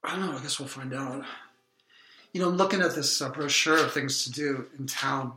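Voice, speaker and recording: A man co-hosting an improvised comedy podcast, rambling in a deadpan tone with hesitant ums. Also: medium pitch, brisk, reverberant, slight background noise.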